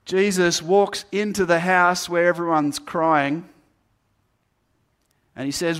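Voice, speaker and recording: A man's voice: sits high, flat delivery, slow pace, pauses often, fairly bright tone, clear, resonant tone. Earnest man preaching a sermon. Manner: earnest, builds emphasis with repeated phrases. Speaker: pastor.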